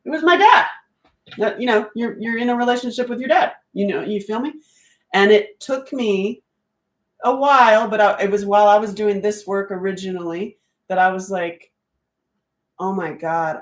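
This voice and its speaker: A woman's voice: medium pitch, normal speed. Candid chatty woman in an echoey room. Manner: candid, chatty, laughs often, asks listeners if they relate. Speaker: self-help workbook host. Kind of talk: casual live-stream talk. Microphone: phone or webcam during a live stream.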